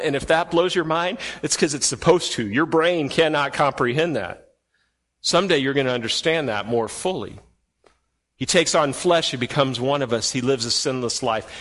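A man preaching a sermon as pastor, emphatic and full of rhetorical questions to the congregation, his voice swinging from loud and high to low and quiet. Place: church sanctuary. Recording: long reverb from a large hall.

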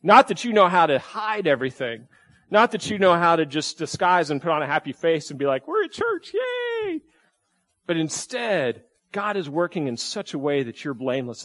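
A man's voice: on the high side, fairly bright tone. A male pastor giving a sermon in a conversational way, asking the congregation many rhetorical questions and often repeating and restarting phrases.

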